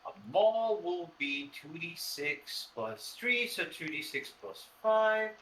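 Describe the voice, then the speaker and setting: Man, game player, halting, slow, bright voice, faint background hum. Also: high voice, expressive, poor audio. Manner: halting, fills pauses with uh. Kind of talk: casual tabletop game play.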